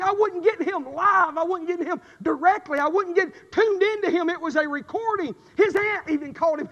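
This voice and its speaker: Man, sermon, very high voice, fervent repetitive cadence, long church reverb, muffled sound. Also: brisk, hardly any pauses. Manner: fervent, repetitive preaching cadence, swings from shouting to low. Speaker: preacher. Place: church sanctuary. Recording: dull recording with long hall reverb.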